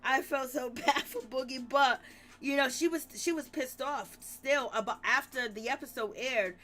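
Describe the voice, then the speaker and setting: Female live-stream host, high voice, animated gossip recap full of laughter. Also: moderate pace. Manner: animated, laughs often, exclaims "Lord". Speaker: reality TV commentary host.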